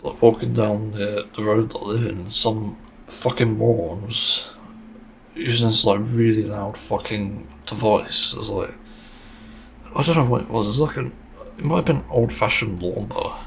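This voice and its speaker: A man's voice: fairly low pitch, steady tone, moderate pace, gravelly, slight background noise. A man hosting a casual solo podcast monologue, speaking bluntly and frankly, with plenty of swearing and the odd sarcastic aside. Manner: sarcastic at times. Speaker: podcast host.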